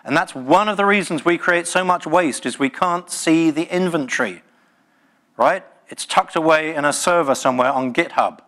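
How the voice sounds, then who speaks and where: A man's voice: fairly high pitch, moderate pace, a bit bright. A man giving a live talk at a tech conference, passionate and emphatic, with playful jokes to the room. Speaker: conference speaker.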